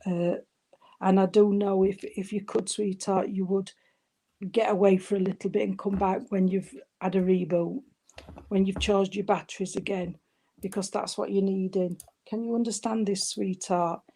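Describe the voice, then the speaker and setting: A woman medium with a mid-range voice and level tone, talking at normal speed, provides a spirit reading at a service. She soothes the listener with darling and sweetheart, while hesitating and frequently restarting what she says.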